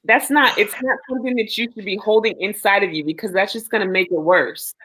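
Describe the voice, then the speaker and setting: A woman's voice: mid-range voice, brisk, sharp tone, slightly rough, low-quality recording. Earnest woman reassuring a friend. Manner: earnest, reassuring, talks at length. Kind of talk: casual supportive chat.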